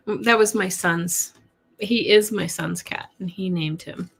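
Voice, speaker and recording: A woman's voice: fairly low pitch, slow pace, gravelly, a bit bright, husky. Chatty woman giving a tarot reading. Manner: chatty, laughs often, greets viewers by name. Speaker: tarot reader. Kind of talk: live-streamed weekly tarot reading. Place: home with a cat nearby.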